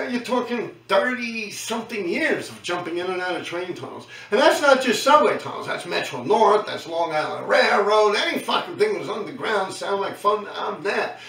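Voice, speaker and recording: A middle-aged man with a New York accent tells stories in a loose, profane monologue full of slang. His voice sits a bit high and sounds bright and tense. He is some distance from the mic in an echoey room. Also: vocal fry, slight background noise. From New York City. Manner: profane, slangy, keeps tagging lines with "man". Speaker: host recounting his graffiti days. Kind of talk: casual storytelling monologue.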